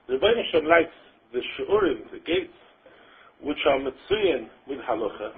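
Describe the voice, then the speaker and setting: A man's voice: medium pitch, sing-song, normal speed, husky. Man giving a chanted Talmud lecture over a tinny line. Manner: sing-song Talmudic chant on quoted Aramaic. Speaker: Torah lecturer. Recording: tinny phone-line recording.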